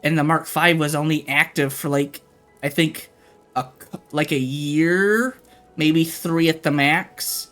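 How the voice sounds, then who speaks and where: A man's voice: on the high side, fairly even intonation, slow pace, fairly bright tone, faint music behind. A man livestreaming, ranting casually and profanely to his chat.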